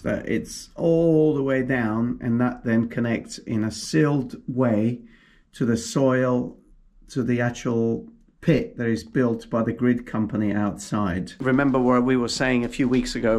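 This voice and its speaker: A man's voice: mid-range voice, darkish tone. Upbeat man giving a property tour. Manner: enthusiastic, explaining as he walks. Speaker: property consultant vlogger. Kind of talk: walking property tour vlog.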